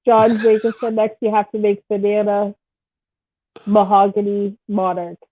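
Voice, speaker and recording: Casual, chatty woman hosting a podcast, stuffed up and husky, rambling and teasing, over a tinny phone-like line. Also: medium pitch, flat delivery, unhurried, dry recording. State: stuffed-up nose. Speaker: podcast host. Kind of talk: casual chat.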